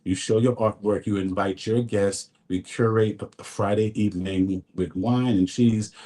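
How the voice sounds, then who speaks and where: A man's voice: fairly low pitch, fairly even intonation, normal speed, mellow. A man, a fashion designer, earnestly telling his story on a radio talk show in a studio. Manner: storytelling, earnest, faith-filled. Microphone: studio mic.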